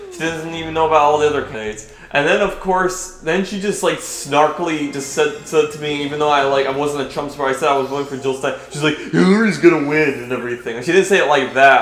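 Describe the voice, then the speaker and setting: A man's voice: on the high side, fairly bright tone. A young man vlogging while playing a game, rambling and hesitant with many restarts, and swearing when he gets irritated. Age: young adult. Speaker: gaming vlogger. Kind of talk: rambling commentary over gameplay. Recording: roomy echo with faint game music.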